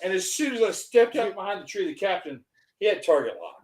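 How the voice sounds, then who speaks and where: A man hosting a podcast, telling a crude army story in a profane, animated way. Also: sits high, fairly quick, reverberant, poor audio. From United States. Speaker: podcast host. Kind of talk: casual podcast chat, storytelling.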